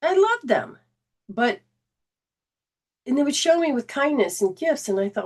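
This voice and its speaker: A high-pitched woman speaking at a moderate pace with frequent pauses hosts a spiritual self-help talk as a healing coach. Earnest and conversational, she restarts sentences often and briefly acts out remembered dialogue in lively voices.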